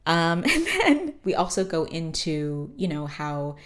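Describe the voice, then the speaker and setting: A woman's voice: low-pitched, very animated, unhurried. A woman hosting a podcast, recapping a cartoon episode in casual, profane, joking chat with lots of fillers. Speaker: podcast host.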